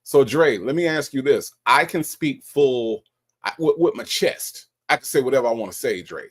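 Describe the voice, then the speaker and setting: A man hosting a livestream, commenting on call recordings in a confrontational, drawn-out manner. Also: mid-range voice, expressive, husky. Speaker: livestream host.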